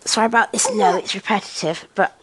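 A woman's voice: mid-range voice, quick pace, fairly bright tone, husky. A woman chatting casually to her listeners while feeding her baby, breaking off to scold him and talking in a sing-song baby voice. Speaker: parent podcaster.

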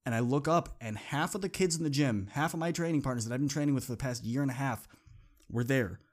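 Speaking fast in a mid-range voice, this man recounts a personal story as host of a motivational podcast. The delivery is earnest and conversational, with phrases repeated to drive points home.

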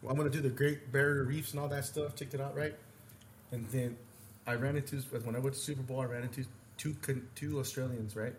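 A man co-hosting a podcast, telling stories in a rambling, profane and animated way. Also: medium pitch, fairly quick. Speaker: podcast co-host. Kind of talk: casual storytelling chat. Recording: echoey room with faint noise.

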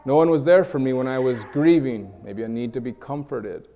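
A man's voice: mid-range voice, lively intonation, fairly quick, warm tone. A man in his thirties preaching a sermon in an earnest way, building to emotional peaks. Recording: long hall reverb.

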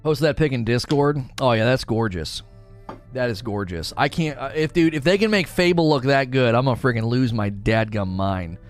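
A man in his thirties live-streaming, chatting with his viewers in an excitable, teasing way and often breaking into laughter. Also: medium pitch, normal speed, faint music behind.

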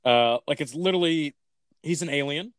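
A man's voice: fairly high pitch, moderate pace, no echo, studio quality. A man hosting a casual podcast, talking enthusiastically and rambling with tangents. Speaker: podcast host reviewing films. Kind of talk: casual chat.

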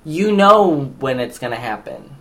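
A man's voice: fairly high pitch, animated, measured pace, a bit bright. A young man from the Midwest co-hosting a podcast, chatting casually and playfully about an old movie, often quoting characters in silly voices. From American Midwest. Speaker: podcast co-host. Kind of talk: casual film-review chat.

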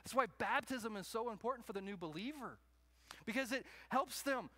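A man delivering a sermon with a high, bright voice. He preaches in an animated way, jumping into raised voices to act out everyday scenes for the congregation. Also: a little fast, no echo. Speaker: pastor.

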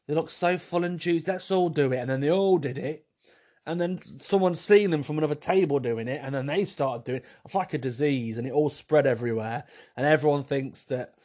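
A young male vlogger with a fairly high, somewhat dark voice talks to the camera. His casual, opinionated monologue is cheeky, blunt, and jokey, and he laughs often.

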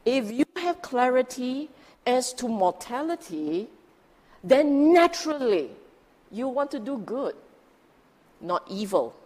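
Slow, expressive woman giving a dharma talk. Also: a little high. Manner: emphatic, rhetorical questions to listeners. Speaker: Buddhist teacher. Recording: long hall reverb.

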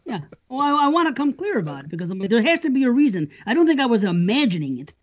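A man's voice: very high-pitched, sing-song, racing. A man in casual podcast chat, rambling and nostalgic, often restarting his sentences. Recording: dull lo-fi sound.

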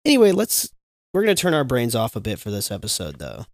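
A man's voice: mid-range voice, wildly swooping pitch, quick pace, a crowd in the background. A man co-hosting a podcast, chatting loosely with a friend, rambling, joking and swearing freely. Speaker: podcast co-host. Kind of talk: casual podcast chat.

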